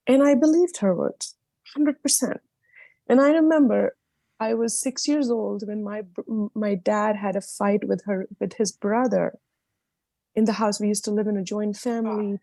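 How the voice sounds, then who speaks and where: A woman's voice: mid-range voice, fairly even intonation, moderate pace, creaky, dark tone, no room sound. A woman sharing an emotional personal story at an online book reading, heartfelt and candid. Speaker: book club participant.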